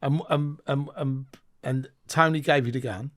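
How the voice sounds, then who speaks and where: A man's voice: mid-range voice, steady tone, normal speed, a bit bright. A man interviewing a guest, hesitant and repeating himself before each question.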